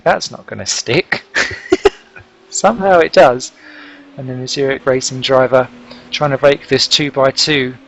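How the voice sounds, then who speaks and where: A man giving lively, jokey play-by-play commentary on a sim race broadcast. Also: mid-range voice, gravelly, slight background noise. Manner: excitable, jokey, chatty play-by-play. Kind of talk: live sim racing commentary.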